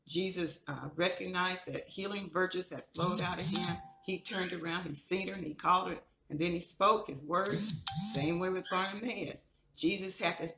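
A woman's voice: on the low side, fairly bright tone. A woman preaching a sermon, telling the story in an emphatic, repetitive and colloquial way. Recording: echoey room.

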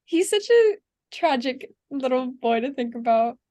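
A young woman in expressive, emotional casual chat with friends. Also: high-pitched, unhurried.

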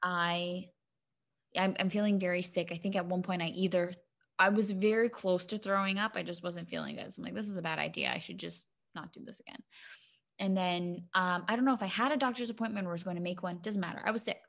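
Young woman, casual podcast chat, slightly low voice, loose and chatty, swears a lot. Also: a little fast, fairly bright tone. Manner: chatty, swears freely, many fillers. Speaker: podcast co-host.

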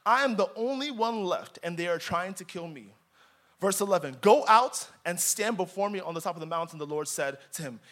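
A young man preaching in a church, his voice sitting high for a man. He leans hard on key words and then drops to quiet, intimate asides, reading scripture with dramatic force. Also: expressive, a little fast. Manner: dramatic, swings from loud emphasis to quiet asides. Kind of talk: sermon.

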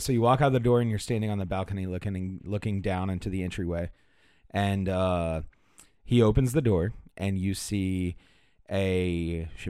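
Low-voiced halting game master man. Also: a little mellow, clean tone, no echo, studio quality. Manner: halting, many fillers and restarts. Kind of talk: narrating a tabletop game.

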